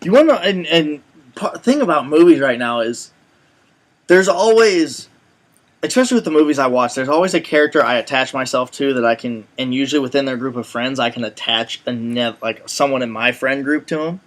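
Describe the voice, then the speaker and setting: A man co-hosting a casual web show, telling stories in an animated way and swearing now and then. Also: mid-range voice, a little fast. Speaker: co-host. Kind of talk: casual chat.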